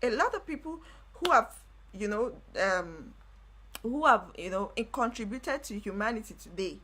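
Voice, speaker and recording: A young woman hosting a live stream, telling a personal story in casual talk with animated delivery and repeated phrases. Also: medium pitch, moderate pace. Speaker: livestream host.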